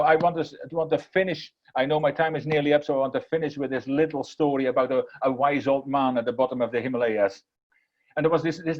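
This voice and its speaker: A man's voice: a little high, dull audio. A man giving an emphatic inspirational talk, repeating key words and sometimes restarting as he tells a story. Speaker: motivational speaker.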